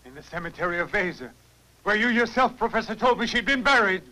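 An actor in a dubbed film playing a distraught young man who pleads and accuses and breaks into anguished shouts. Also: high-pitched, animated, quick pace, exaggerated voice, poor audio. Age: young adult. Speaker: young man confronting a professor.

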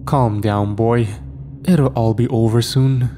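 A man's voice: mid-range voice, fairly even intonation, slow pace, warm tone, faint music behind, lightly acted. A man voicing a smug demon posing as a young man, speaking with casual, mocking menace.

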